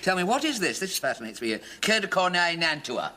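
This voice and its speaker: A man's voice: high voice, sing-song, brisk, very noisy. An actor playing a polite, genteel and slightly fussy man dining out. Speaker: comedy sketch actor. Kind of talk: scripted sketch comedy. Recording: TV recording, studio audience laughter.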